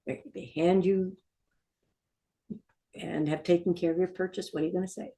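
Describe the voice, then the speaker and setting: A woman's voice: on the low side, fairly even intonation, moderate pace, creaky, pauses often, warm tone. A woman teaching a beginner Hebrew lesson, patiently repeating each word for learners to say back. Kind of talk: language lesson.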